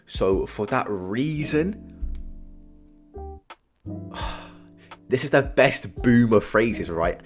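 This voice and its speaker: A man's voice: medium pitch, a little slow, long pauses, music in the background. Slangy young man with big swings. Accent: British. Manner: slangy and animated, keeps saying "bro", swings from mumbling to shouting. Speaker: tier list host. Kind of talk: casual comedic tier-list commentary.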